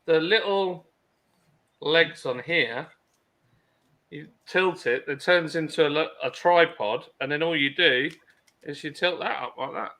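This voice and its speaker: A man joining a livestream over a video call, animated and joking, showing off a gadget to the others. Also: fairly high pitch, measured pace, long pauses. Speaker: livestream guest. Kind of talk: casual chat.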